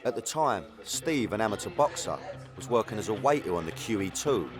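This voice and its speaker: A man's voice: fairly low pitch, expressive, brisk. A man with a Cockney accent giving scripted first-person documentary voice-over in a conversational way. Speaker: documentary narrator. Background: guitar music bed.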